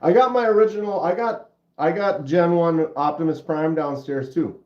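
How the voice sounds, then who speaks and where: A man's voice: fairly high pitch, a little mellow. Laid-back stuffy-nosed livestream guy. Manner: laid-back, drawn-out, says dude and bro. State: stuffy nose. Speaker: livestream host. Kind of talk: casual livestream chat reading comments. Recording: roomy, dull lo-fi sound.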